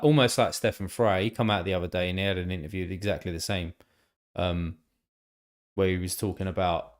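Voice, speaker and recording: A man chatting casually on a live stream, rambling and thinking aloud with lots of fillers and the odd swear word. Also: lowish voice.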